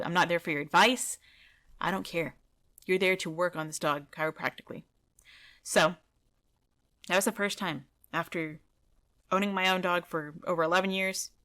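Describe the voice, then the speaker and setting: A woman dog trainer talks through a training video in a loose, conversational way, blunt and indignant in her opinions. Her voice sits a little low but has a bright, forward edge to it. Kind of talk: casual video commentary and storytelling.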